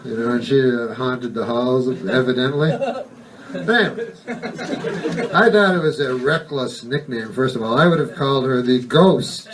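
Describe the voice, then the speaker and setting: A man doing a stand-up comedy monologue on a club stage, delivered in a deadpan, rambling and profane style with halting asides. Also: medium pitch. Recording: distant mic, noisy live recording.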